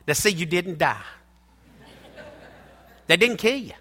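A man's voice: fairly high pitch, big pitch swings, moderate pace, pauses often, bright, forceful tone, slightly rough, big-room sound. A man preaching a sermon, emphatic and repetitive, calling out to his congregation from a church. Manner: emphatic preaching, repeats phrases, calls out to the congregation. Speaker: pastor. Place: church hall.

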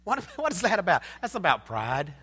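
A man's voice: sits high, huge pitch swings, normal speed, sharp tone, husky, in a large hall. A man preaching a sermon, emphatic and repetitive, calling out to his congregation from a church. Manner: emphatic preaching, repeats phrases, calls out to the congregation. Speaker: pastor. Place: church hall.

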